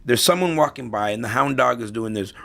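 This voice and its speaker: Middle-aged man with a gravelly voice. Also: medium pitch, lively intonation, fairly quick, a bit bright. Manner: storytelling, tags points with "right?". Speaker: interview guest, real estate investor. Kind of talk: casual conversational interview.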